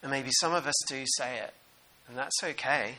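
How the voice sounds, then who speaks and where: A New man preaching a sermon in an animated, conversational way and putting questions to the congregation. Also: mid-range voice, moderate pace, low-quality recording.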